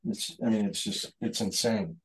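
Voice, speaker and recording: A man's voice: lowish voice, moderate pace, slightly rough. A man chatting casually on a video call while painting, rambling and correcting himself. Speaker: artist painting during a group session.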